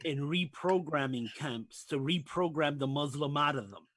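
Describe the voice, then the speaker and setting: A man's voice: fairly high pitch, moderate pace, fairly bright tone, no echo. A man on a casual talk show panel, speaking earnestly and indignantly. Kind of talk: casual group chat.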